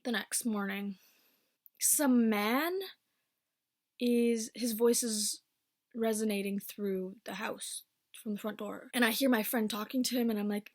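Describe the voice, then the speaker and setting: A woman in her twenties telling a casual storytime, blunt and swearing freely, with quick bursts between slower stretches. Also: on the high side, fairly even intonation. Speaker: vlogger.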